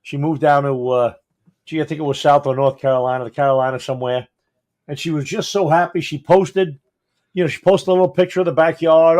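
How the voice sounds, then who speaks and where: A fire chief co-hosting a podcast chats casually, rambling through stories and acting out what people said. His voice is fairly high-pitched with a darkish tone, at normal speed.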